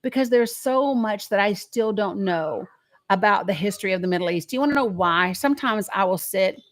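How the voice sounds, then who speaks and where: A woman's voice: medium pitch, a little fast. A woman with a Southern American accent hosting a live-stream talk show, blunt and profane, laughing often and talking straight to her viewers.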